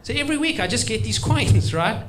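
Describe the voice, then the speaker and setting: A man's voice: very high-pitched, expressive, a little fast, a bit bright, slight background noise. A man doing a chatty stand-up set, often laughing at his own jokes. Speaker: stand-up comedian. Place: stage at a live comedy show.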